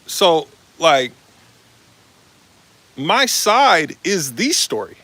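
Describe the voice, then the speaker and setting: A man's voice: on the high side, big pitch swings, drawn-out words, pushed and bright, no room sound. A man telling a story in a casual live-stream monologue, rambling with lots of fillers and slang.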